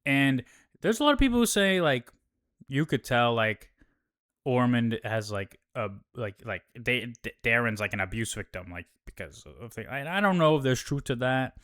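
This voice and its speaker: A man's voice: mid-range voice, animated, normal speed, fairly bright tone. A man hosting a casual show recap, talking in a laid-back, profane way with lots of fillers.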